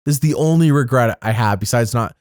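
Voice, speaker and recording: A man's voice: brisk, a little mellow, no echo. Chatty man with a dry close sound. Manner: chatty, rambling, jumps up in pitch for emphasis. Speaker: podcast co-host. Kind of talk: casual recap chat.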